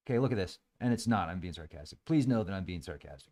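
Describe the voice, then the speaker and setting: A man's voice: low-pitched, lively intonation, a little mellow. Male host, chatty and sarcastic, talks to himself over footage, voice rises and falls a lot. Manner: musing, sarcastic, quick to laugh. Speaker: host commenting on live webcam footage. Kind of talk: casual thinking-aloud commentary.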